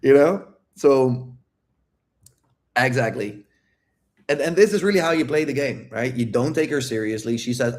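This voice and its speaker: A man's voice: mid-range voice, normal speed, long pauses. A man who works as a dating coach, talking brashly in a casual livestream Q&A. He swears freely and laughs often. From outside the United States.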